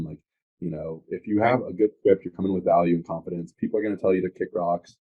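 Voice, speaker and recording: Fast-talking husky low-voiced man. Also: narrow, tinny audio. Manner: energetic, eager, acts out sales calls. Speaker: real estate agent, guest. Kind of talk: casual podcast conversation.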